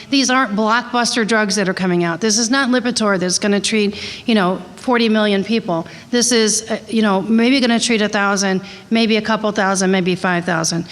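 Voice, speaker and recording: A woman giving a conversational slide presentation to a conference audience, candid and chatty, with frequent fillers and asides. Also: medium pitch. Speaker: conference presenter on drug costs. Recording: long hall reverb.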